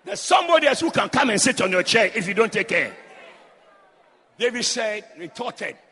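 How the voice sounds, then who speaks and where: A man preaching loudly in church, fervent and calling out to the congregation. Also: sits high, big pitch swings, moderate pace, some chatter behind, slight background noise. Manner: loud, fervent, call-and-response. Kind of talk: shouted sermon. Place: church hall. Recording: long hall reverb.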